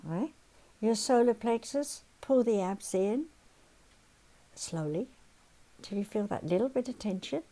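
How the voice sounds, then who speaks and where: Older woman teaching in a mellow voice. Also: fairly high pitch, unhurried, pauses often, poor audio. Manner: animated, acts out everyday worries, gives step-by-step instructions. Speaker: counselor and teacher. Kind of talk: spoken lesson with guided exercises.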